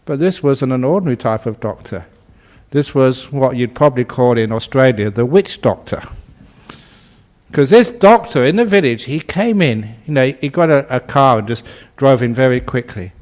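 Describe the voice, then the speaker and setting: Give me a chuckling man telling a humorous story in a dharma talk. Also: medium pitch. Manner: chuckles often at his own story; relaxed, conversational, frequent "you know". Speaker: Buddhist monk and teacher.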